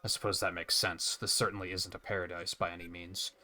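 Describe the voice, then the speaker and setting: A man's voice: sits low, flat delivery, a little fast, bright, forceful tone. A man reading aloud the lines of a weary exiled clan survivor in a video game, in a plain, thoughtful tone. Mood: reflective.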